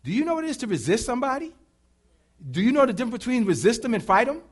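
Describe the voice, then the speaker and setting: A pastor preaching with call-and-response, animated and bursting into shouts. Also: male voice, extremely high pitch, rapid-fire. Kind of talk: sermon.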